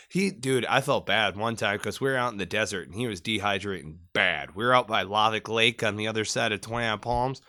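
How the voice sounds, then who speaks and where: A man's voice: lowish voice, a little fast, hardly any pauses, sharp tone. Profane joking man telling service stories. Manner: profane, joking storyteller who mimics accents. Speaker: podcast co-host, Marine veteran. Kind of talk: casual chat.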